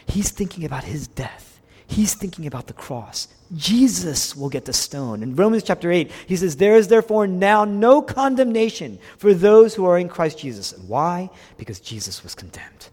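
A man preaching a sermon as pastor to his congregation, dropping to hushed whispers and then rising to loud, emphatic lines. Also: mid-range voice, husky. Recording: long hall reverb.

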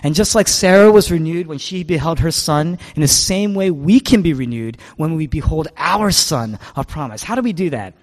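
A man's voice: on the high side, animated, normal speed, hardly any pauses, in a large hall. A male pastor preaching a sermon, asking rhetorical questions and repeating his key phrases.

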